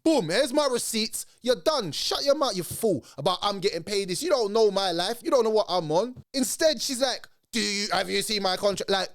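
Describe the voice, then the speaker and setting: Guy ranting on a reaction vid, high pitched, close dry mic. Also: moderate pace, hardly any pauses, dry recording. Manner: animated, mocking rant. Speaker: commentary channel host. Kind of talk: reaction commentary.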